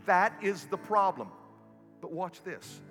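A male pastor with a high, bright and forceful voice delivers a sermon in a church, swinging between loud, emphatic peaks and quiet, low stretches. His voice rings with a long hall reverb, and soft music plays underneath. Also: expressive, takes it slowly. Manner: builds to loud preaching peaks, then drops low and soft. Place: church sanctuary.

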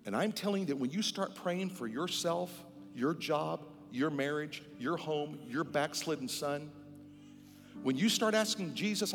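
A man in his sixties preaching a sermon, telling folksy stories and building to loud, emphatic exhortation. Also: on the high side, moderate pace, in a large hall, faint music behind. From Netherlands.

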